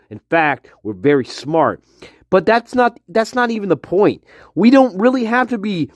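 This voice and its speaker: A man's voice: fairly high pitch, a little mellow, dry recording. A man hosting a livestream, ranting in a heated, profane and repetitive way. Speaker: livestream host.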